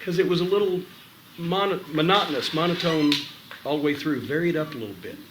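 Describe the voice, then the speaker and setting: A man's voice: fairly high pitch, fast talker, background noise. A middle-aged man coaching wrestlers in a gym, blunt and profane, mixing advice with wry stories. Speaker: wrestling trainer giving a seminar.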